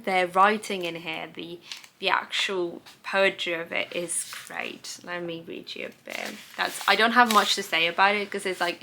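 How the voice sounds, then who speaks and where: A woman's voice: fairly low pitch, bright, forceful tone. A young woman chatting casually about her recent reads, rambling and laughing at herself as she reads out her own notes. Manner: gushing, rambling, self-mocking, laughs at herself. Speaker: book vlogger. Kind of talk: casual book review chat.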